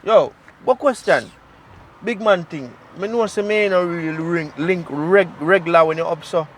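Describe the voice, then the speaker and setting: A man with a Jamaican accent and a voice on the high side speaks at a moderate pace in Jamaican Patois dialogue from a crime drama. He plays a man who takes in his deported brother, talking bluntly and frankly in a lecturing way, lightly acted. There's slight background noise.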